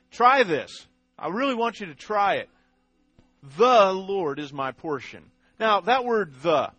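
A man teaching a sermon in a slightly raised voice, leaning hard on single words and throwing questions out to his listeners. The sound is close and dry, with soft music underneath. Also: sits high, no room sound. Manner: emphatic, asks the congregation questions, repeats words. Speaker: pastor.

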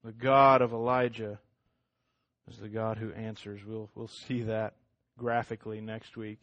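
A middle-aged man preaching a sermon as pastor, swinging between loud emphatic lines and hushed ones, with much repetition. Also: fairly low pitch, little pitch movement, unhurried, no room sound, highs cut off.

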